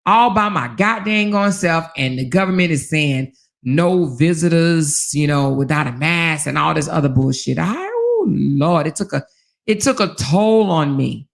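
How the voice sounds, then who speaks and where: A woman in her forties spins a personal story in a relaxed chat. Her voice has a gravelly edge. She acts out what was said and swears freely. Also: low voice, measured pace. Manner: animated, acts out dialogue, swears. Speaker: host. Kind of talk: casual storytelling monologue.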